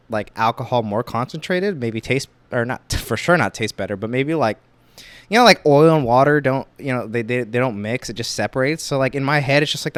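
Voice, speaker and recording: A young male podcast host talks on his own, loose and chatty, reading posts aloud and reacting with blunt exclamations. His voice is smooth and clear at a middle pitch. The recording is dry and close, with no room sound. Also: no room sound. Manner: casual, rambling, exclaims reactions while reading.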